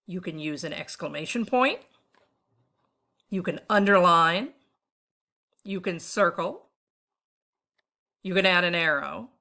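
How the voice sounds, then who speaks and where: A middle-aged woman teaching art, her voice bright and a touch low. She explains step by step and poses questions to the listener, in clear instructional narration. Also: takes it slowly, pauses often.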